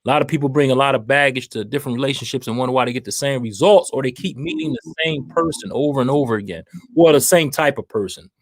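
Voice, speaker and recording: A man's voice: mid-range voice, animated, fast, hardly any pauses, dry recording. A man co-hosting a relationship talk show, laid-back and reflective. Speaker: podcast co-host.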